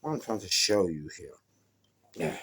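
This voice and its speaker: London man, low and rough-edged voice, casual storyteller who acts out the quotes. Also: expressive, normal speed, fairly bright tone. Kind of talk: casual spoken anecdote.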